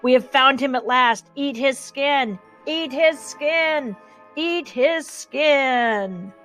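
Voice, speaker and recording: A woman's voice: high-pitched, drawn-out words, fairly bright tone, soft background music, pitched above the performer's own voice, heavily acted. A woman voicing hungry rat-like nightmare creatures in a menacing chant, reading an audiobook. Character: snarling giant rat-like dream creatures, hungry.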